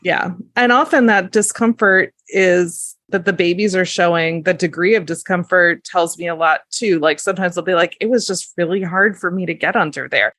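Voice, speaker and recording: A woman's voice: on the low side, moderate pace, hardly any pauses, fairly bright tone, no echo, clean studio sound. A woman who works as a lactation consultant, chatting casually on a podcast in a chatty, self-deprecating way with many fillers.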